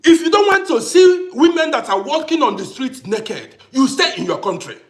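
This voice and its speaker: Male livestream host, middle-aged, high-pitched and expressive, hammering points home through repetition. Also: normal speed. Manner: emphatic, repeats phrases for effect. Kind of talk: impassioned livestream monologue.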